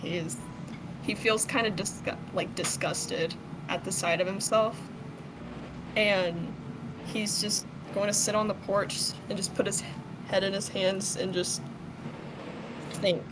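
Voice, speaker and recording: A woman player describes her character's actions slowly and hesitantly, with lots of casual fillers. A clear air conditioning hum runs underneath her voice. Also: medium pitch, fairly even intonation.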